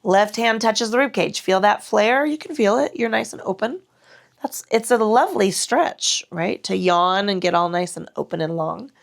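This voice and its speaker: A mat Pilates teacher demonstrates each move as she cues breathing and form, speaking through muscle tension with slightly strained breath. Her medium-pitched voice is creaky, delivered at a normal speed.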